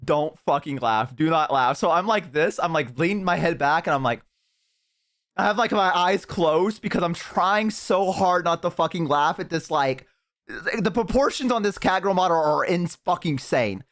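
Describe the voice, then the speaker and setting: This home streamer's voice is high-pitched, animated and fairly bright, moving at a moderate pace. Wearing a headset, he rambles through a story for his chat, swearing and bursting into laughter.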